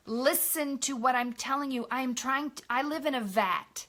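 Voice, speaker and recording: A middle-aged woman speaks on a live online broadcast with a high, bright voice. She shares personal stories in a candid, confiding way and stops to greet viewers by name. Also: moderate pace. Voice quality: bright, expressive voice. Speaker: ministry host. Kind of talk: Facebook live talk.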